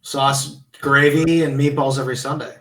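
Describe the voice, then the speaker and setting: A man's voice: mid-range voice, fairly even intonation, moderate pace, fairly bright tone, reverberant, low-quality recording. A man who is a guest in a casual chat, laid-back and joking, swearing freely. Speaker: podcast guest.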